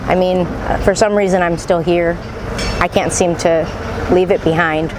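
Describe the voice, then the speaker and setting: Woman chatting about old memories, laughs a lot, kinda low voice, cars going by behind. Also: fairly even intonation, normal speed, background noise. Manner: chatty, laughs often, many fillers. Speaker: disciple sharing memories. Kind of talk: casual personal reminiscence.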